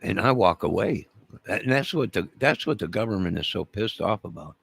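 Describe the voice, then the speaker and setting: A man's voice: deep voice, expressive, moderate pace, creaky, a bit bright, slightly rough. A man delivering an angry, profane, repetitive rant to camera, making demands over and over. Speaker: vlogger.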